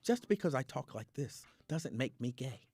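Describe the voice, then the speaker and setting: A man hosting a casual live talk show, reacting to viewer comments with emphatic, repetitive opinions in relaxed slang. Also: medium pitch, normal speed, slightly rough. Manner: opinionated and emphatic, repeats his points.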